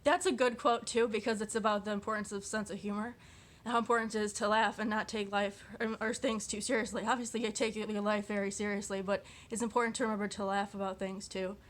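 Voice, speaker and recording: A woman's voice: medium pitch, level tone, fast talker. A woman vlogging casually, reading quotes aloud and reacting to them in a rambling, chatty way, full of fillers and restarts, often giggling at herself. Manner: giggly and self-deprecating.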